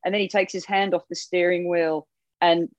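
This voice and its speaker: An Australian comedian, a woman, chats as a guest with a fairly low voice, a level tone and a moderate pace. She is wry and laughs at her own bleak points in this casual comedic talk. She's on a remote line from home, so the call sounds dull and dry, with no room sound.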